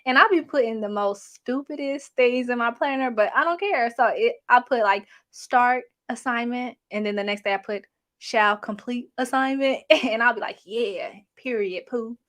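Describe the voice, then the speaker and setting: A woman's voice: on the high side, normal speed, a bit bright. A young adult woman hosting a casual livestream, reading chat comments in a chatty, sassy, slangy way. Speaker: channel host reading live chat.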